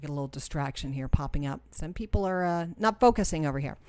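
A middle-aged woman teaching a faith-based group, animated and repeating herself as she acts out inner voices. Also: sits low, fast, clear, resonant tone, no echo. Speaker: Christian life coach. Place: room with a live audience.

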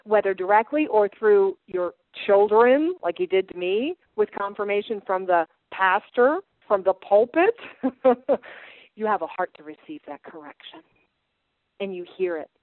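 A woman's voice: mid-range voice, expressive, a little slow, no echo. A middle-aged woman preaching a sermon to other women, emphatic and full of rhetorical questions, then dropping into folksy stories from her own life. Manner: emphatic, piles up rhetorical questions, drops to soft intensity; folksy personal storytelling. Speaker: women's Bible teacher. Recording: tinny phone-like dry recording.

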